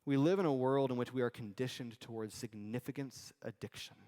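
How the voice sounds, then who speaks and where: A male pastor giving a sermon in a conversational, animated way with casual asides. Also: medium pitch, fairly quick, big-room sound. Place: church sanctuary.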